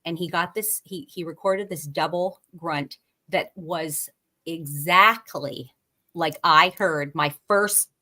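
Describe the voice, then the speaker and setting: A woman guest in a casual podcast conversation, talking haltingly with many fillers and restarts. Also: on the low side, sharp tone.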